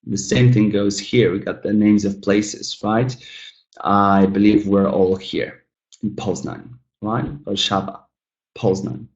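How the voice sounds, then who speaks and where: A man teaching an online English lesson on word stress. He talks casually to the class, calls them "guys", invites answers in the chat, and repeats example words slowly. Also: fairly low pitch, steady tone, highs cut off.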